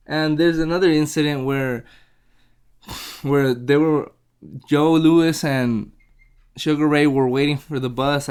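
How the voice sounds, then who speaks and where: A young man casually reviewing a book, rambling and repeating himself as he retells the story, now and then acting out quotes. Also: on the high side.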